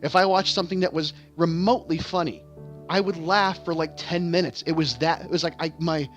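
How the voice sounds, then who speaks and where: A man's voice: on the high side, fairly even intonation, fairly quick. A man who acts on stage, talking candidly in a rambling way, often repeating words and restarting. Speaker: vlogger and stage actor. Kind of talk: candid casual monologue. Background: game music playing.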